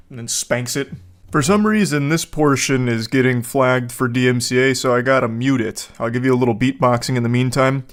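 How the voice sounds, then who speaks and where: A man's voice: mid-range voice, brisk. A man giving comedic reaction commentary, sarcastic and incredulous, breaking into laughter often.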